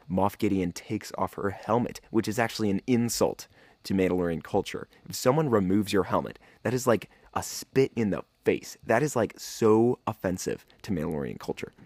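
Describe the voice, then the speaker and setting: A man with a fairly low voice hosts a podcast and recaps an episode in a loose, excitable way. He peppers his talk with slang like "dude". The sound is dry and close, with no room echo. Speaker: podcast host.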